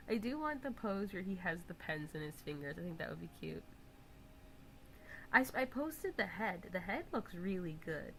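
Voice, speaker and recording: A young woman on a live stream chats casually in a slightly low voice. She rambles, teases and jokes. A faint hum of background noise sits under her talk. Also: poor audio. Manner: chatty, teasing, laughs loudly.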